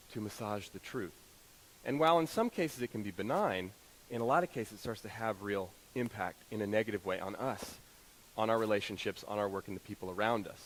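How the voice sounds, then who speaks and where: A man giving a motivational talk to an audience, telling stories in an animated, self-deprecating way. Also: mid-range voice, big-room sound, low-quality recording. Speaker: motivational speaker. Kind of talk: storytelling keynote talk to an audience.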